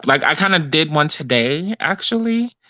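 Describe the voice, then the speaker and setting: A woman's voice: deep voice, lively intonation, moderate pace, pushed and bright, no echo, dull audio. A woman co-hosting a live call-in chat show, telling a story in a chatty, rambling way with lots of fillers. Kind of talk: casual chat.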